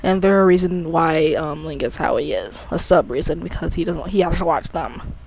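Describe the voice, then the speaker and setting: Rambling creator with a gravelly fry. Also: medium pitch, moderate pace, darkish tone, slight background noise. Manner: rambling, often restarts and corrects itself. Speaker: creator of an audio drama series giving commentary. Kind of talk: casual rambling commentary.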